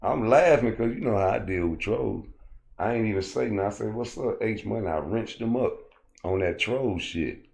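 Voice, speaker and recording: Man, livestream host, very low voice, loose profane chat, reads comments aloud. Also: lively intonation, moderate pace, gravelly, a little mellow.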